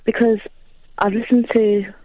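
A caller on a radio phone-in, shy and hesitant at first and gently teasing the host. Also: mid-range voice, level tone, unhurried, crowd noise. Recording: muffled phone line.

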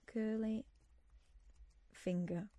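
A woman's voice: mid-range voice, fairly even intonation, drawn-out words, warm tone, dry recording, studio quality. A woman hosting a radio show, chatting casually and reading news aloud with joking asides. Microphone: studio microphone.

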